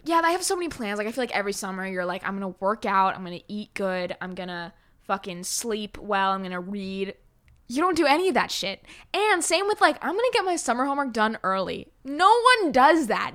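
A woman's voice: mid-range voice, bright, forceful tone. A young woman hosting a casual solo podcast, rambling and self-deprecating as she chats. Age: young adult. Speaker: podcast host.

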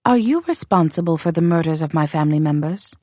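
A woman voicing a proud northern warrior queen who speaks in a measured, formal and quietly contemptuous way. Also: sits low, dry recording. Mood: cold, demanding. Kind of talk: audiobook character reading.

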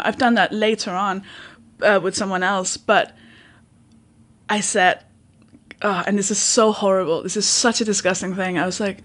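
A woman's voice: mid-range voice, fairly even intonation, moderate pace, long pauses, fairly bright tone. A woman in her thirties hosting a podcast, telling a candid personal story in casual chat, acting out the people in it. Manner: candid, storytelling with quoted dialogue. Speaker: podcast host.

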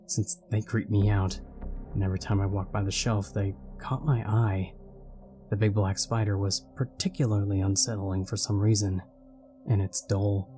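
A man narrating a scripted horror story in a measured, steady storytelling manner. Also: on the low side. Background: faint background music.

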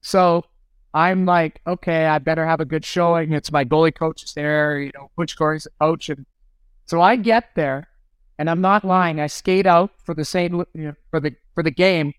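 A man's voice: a little high, fairly even intonation, moderate pace, smooth, dry recording. A man in his fifties, a former hockey goalie and podcast guest, telling anecdotes casually and acting out the lines he quotes.

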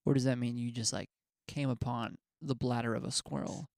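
A man's voice: mid-range voice, steady tone, fairly quick, vocal fry, a little mellow, no echo, studio quality. A man from the United States, co-hosting a casual chat, curious and full of follow-up questions.

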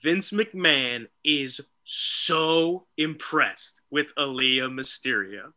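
A man co-hosting a casual wrestling talk show, excitable and animated, often mimicking people. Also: mid-range voice, extremely slow. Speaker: podcast co-host.

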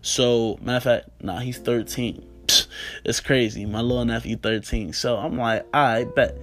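A man's voice: mid-range voice, steady tone, normal speed, a bit bright. A man in his twenties hosting a podcast, telling a story in a rambling, profane way, full of "like" and "you know". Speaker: podcast host. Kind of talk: casual storytelling monologue.

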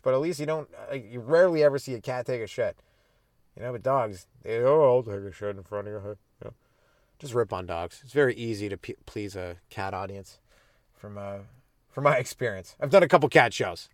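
Crude rambling stand-up comedian, dry sound. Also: male voice, medium pitch, dry recording. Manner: crude, rambling, self-promoting jokes. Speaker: stand-up comedian and podcast host. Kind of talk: casual comedic monologue.

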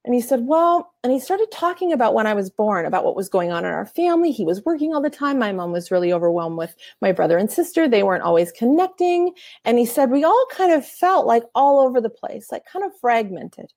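A middle-aged woman telling a heartfelt personal story, earnest and animated, often laughing and acting out the voices of others. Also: fairly high pitch, fast, few pauses, dry recording, studio quality. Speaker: author and coach.

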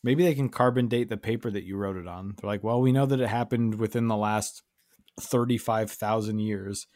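A man's voice: fairly low pitch, steady tone, brisk, a little mellow, dry recording, clean studio sound. A man co-hosting a podcast, teasing and joking in casual chat. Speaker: podcast co-host.

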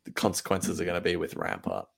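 Deep-voiced man co-hosting a chat. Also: big pitch swings, quick pace, gravelly, breathy edge. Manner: eager, repeats words while thinking. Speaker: podcast co-host. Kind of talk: casual chat.

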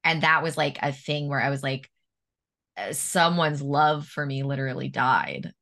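Woman host, low-pitched, bright tone, candid and emphatic, casual swearing. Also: moderate pace, creaky. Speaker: podcast host. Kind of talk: casual conversation.

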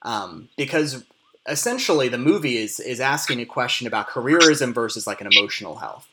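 A man's voice: mid-range voice, lively intonation, brisk, sharp tone, slight background noise. A man in casual film discussion, explaining plot and context at length with frequent restarts. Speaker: podcast co-host discussing a film.

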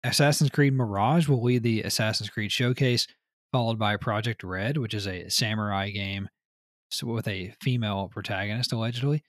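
A man with a lowish voice co-hosts a casual gaming podcast at a moderate pace, recorded in a clean studio with no room sound. He reads news items, then riffs loosely with chatter full of profanity.

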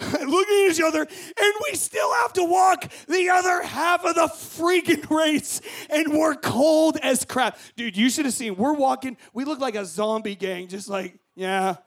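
A young man telling a story to a group as a camp speaker, acting out scenes with shouts and voices. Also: extremely high pitch, a little slow.

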